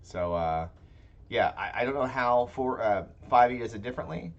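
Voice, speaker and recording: A man's voice: mid-range voice, lively intonation, moderate pace, creaky, dull audio. A man co-hosting a casual tabletop gaming podcast, talking in rambling, self-interrupting chat. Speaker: podcast co-host.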